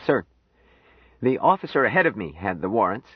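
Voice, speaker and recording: A man's voice: lowish voice, big pitch swings, normal speed, breathy edge, dry recording, dull audio, pitched above the performer's own voice, exaggerated voice. A man voicing a stiff, flustered young military officer in an audiobook. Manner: stiff, hesitant, formal.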